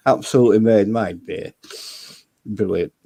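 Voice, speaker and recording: A man's voice: on the low side, measured pace, vocal fry, dark tone, no echo. A man, bluntly telling stories and swearing freely in casual chat. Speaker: debate show guest.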